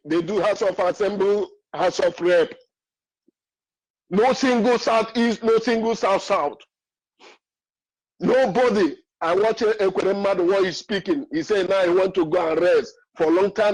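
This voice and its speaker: A man's voice: sits high, a little mellow, rough recording. A man with a Nigerian accent calling into a radio show, emotional and pleading, repeating himself. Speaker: caller. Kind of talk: impassioned call-in. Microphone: phone call.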